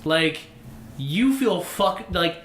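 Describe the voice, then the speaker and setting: Casual game master, bright tone, roomy sound, lots of fillers. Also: medium pitch, expressive, very slow, slight background noise. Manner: loose, filler-heavy, cursing. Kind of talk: narrating a tabletop game.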